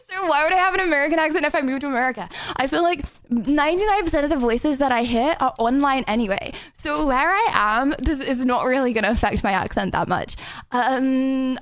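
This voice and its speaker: A young English woman streaming from home, rambling and giggling through casual chat with viewers, with lots of fillers. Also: high voice.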